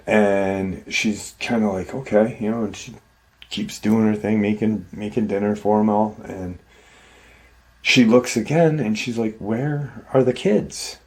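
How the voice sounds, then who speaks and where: Male host, low voice, slow and unhurried, casual rambling storyteller. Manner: conversational, rambling, "you know" fillers.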